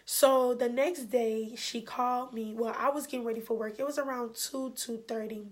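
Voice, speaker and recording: High-voiced woman telling a personal story. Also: steady tone, normal speed. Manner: candid, chatty, full of fillers and quoted dialogue. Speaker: vlogger. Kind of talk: casual storytime.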